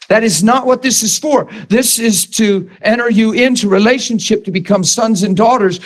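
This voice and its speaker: Male preacher with a high voice, fervent sermon delivery that climbs into shouting. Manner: impassioned, rising to shouts when quoting himself.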